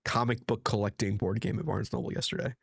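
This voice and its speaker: A man's voice: lowish voice, steady tone, vocal fry, slightly rough, dry recording, clean studio sound. A sick man co-hosting a comics podcast, talking casually with frequent fillers and teasing. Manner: halting, many fillers, teasing. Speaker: podcast co-host. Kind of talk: casual chat.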